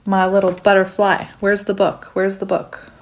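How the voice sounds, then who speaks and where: A woman's voice: mid-range voice, normal speed, a little hiss or hum. Bubbly woman giving a chatty tarot reading. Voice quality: warm, laughs often between phrases. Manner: chatty and bubbly, squeals when excited. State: slightly hoarse throat. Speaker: tarot reader.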